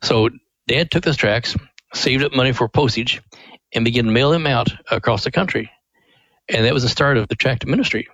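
A man's voice: medium pitch, moderate pace, fairly bright tone, no room sound, highs cut off. A middle-aged man, a ministry president, telling stories in an earnest, folksy way as a radio guest. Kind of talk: radio interview storytelling.

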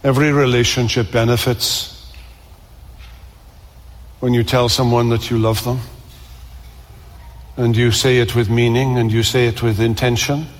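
A man preaching a sermon in earnest tones, repeating words and slowing down for emphasis. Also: mid-range voice, level tone, long reverb tail.

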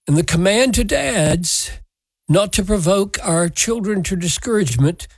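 Male preacher, husky voice, measured and emphatic sermon delivery. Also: sits high, lively intonation, no room sound, low-quality recording. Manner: measured, emphatic scripture exposition. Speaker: pastor.

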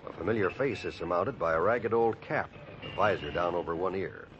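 Low-voiced old-time radio announcer. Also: male voice, fairly bright tone, muffled recording, a little hiss or hum. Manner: measured, storytelling. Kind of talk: scripted narration.

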